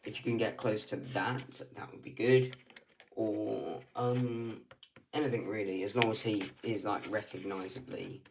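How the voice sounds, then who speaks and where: A man's voice: fairly low pitch, fairly even intonation, measured pace, creaky, a little hiss or hum. A man running a casting call, talking casually and hesitantly with many ums and likes. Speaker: stop-motion creator running a casting call. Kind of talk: casual talk to camera. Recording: voice slightly distant from the mic.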